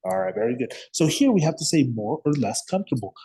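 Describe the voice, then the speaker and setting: A man's voice: mid-range voice, big pitch swings, quick pace, dark tone, breathy edge. A man teaching an English grammar lesson, patiently repeating words and checking understanding with frequent "okay?" and "yes?".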